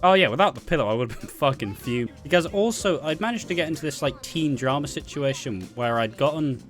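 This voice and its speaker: A man's voice: a little high, fairly quick, faint music behind. Profane young Englishman telling stories. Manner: profane, animated, laughing asides. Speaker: vlogger. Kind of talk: casual storytime monologue.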